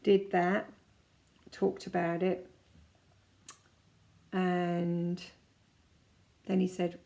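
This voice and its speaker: A woman in her forties, a kinesiology practitioner, chatting casually as she guides listeners through calming exercises step by step. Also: lowish voice, takes it slowly, gravelly, long pauses. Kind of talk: casual self-help teaching.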